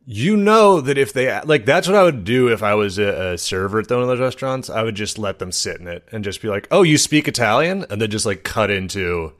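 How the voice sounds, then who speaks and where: A man's voice: lowish voice, a little fast, hardly any pauses. A man co-hosting a podcast in casual chat, telling rambling, jokey stories full of fillers. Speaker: podcast co-host.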